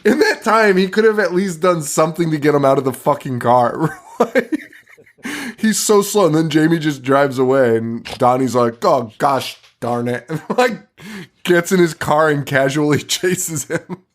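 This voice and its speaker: A man's voice: fairly high pitch, moderate pace. A man hosting a podcast, recapping a horror movie in casual chat, laughing often and swearing freely. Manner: animated, laughing, swears a lot. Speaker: podcast host.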